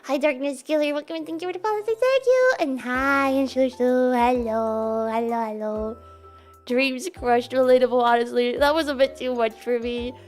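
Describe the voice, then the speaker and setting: High-pitched giggly Dutch woman. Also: normal speed, soft background music. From Netherlands. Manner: playful and giggly, chatty. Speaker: streamer. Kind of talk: casual chat with live viewers.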